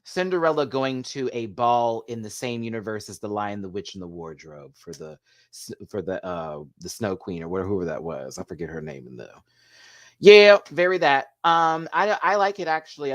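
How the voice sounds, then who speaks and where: Gushing, chatty man with lively pitch. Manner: gushing, excitable, laughs often; chatty, talks back to viewers' comments. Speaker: host reviewing a TV show. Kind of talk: live video review chat.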